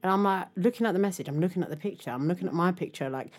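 A young woman in casual chat, animated and laughing, acting out voices as she tells stories. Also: lowish voice, rapid-fire.

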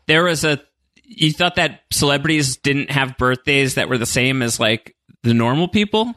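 A man co-hosting a casual chat podcast who talks in an animated, rambling way with many fillers. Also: medium pitch, moderate pace. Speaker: podcast co-host.

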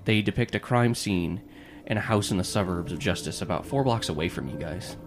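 A man's voice: low-pitched, fairly quick, over music. A man narrating as game master in a casual way, with many fillers.

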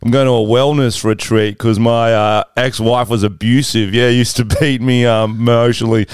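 A man's voice: medium pitch, fairly even intonation, normal speed, clean tone, no echo, studio quality, close to an everyday voice. A man voicing a rambling, oversharing middle-aged man with an Australian accent who stammers and repeats himself. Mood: confiding.

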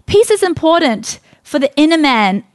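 A woman co-hosting a podcast, telling stories with animated, emphatic delivery in a casual faith talk. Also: high-pitched, normal speed. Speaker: podcast co-host.

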